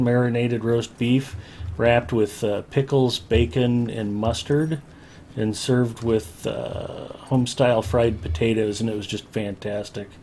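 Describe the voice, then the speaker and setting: A man's voice: mid-range voice, dark tone. Guy rambling on a game stream, lots of uhs, mid voice, bit of hiss in the back. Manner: rambling, self-mocking, lots of fillers. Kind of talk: casual chat while gaming.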